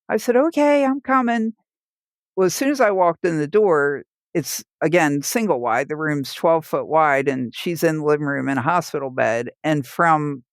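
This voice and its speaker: Woman, hospice nurse, animated storyteller with frequent laughs, dry close-mic sound. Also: low-pitched, no echo. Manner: vivid storyteller who laughs while telling and acts out the people she quotes. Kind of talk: personal storytelling in a podcast interview.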